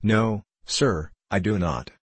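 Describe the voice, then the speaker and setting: A polite, shaken young medieval clerk with a deep, husky voice, read by a male storybook narrator. He answers respectfully. The recording is close and dry. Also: slow, no echo, full character voice.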